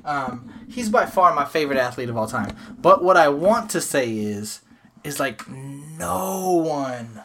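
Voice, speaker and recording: Animated young man telling stories. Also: on the high side, moderate pace, few pauses, a little hiss or hum. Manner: animated, profane storytelling. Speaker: podcast host. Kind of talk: casual chat.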